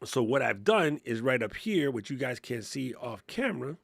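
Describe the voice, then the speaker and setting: A man in his fifties hosting a casual live-stream Q&A from his home studio, animated and laughing, swearing freely. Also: mid-range voice, moderate pace, creaky, no room sound. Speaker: host. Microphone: studio microphone.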